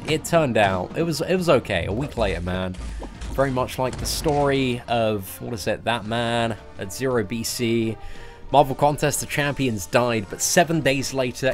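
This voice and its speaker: A young British man hosting a game livestream, answering viewers in a casual, chatty way and peppering his talk with "man" and "you know". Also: mid-range voice. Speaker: livestream host.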